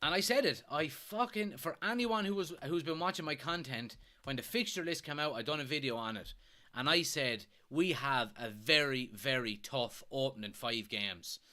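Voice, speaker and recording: Exasperated Irish man, bright voice. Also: medium pitch, moderate pace. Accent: Irish, Kilkenny. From Ireland. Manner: exasperated, swearing, reads viewer comments aloud. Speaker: fan watchalong host. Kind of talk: live football watchalong commentary.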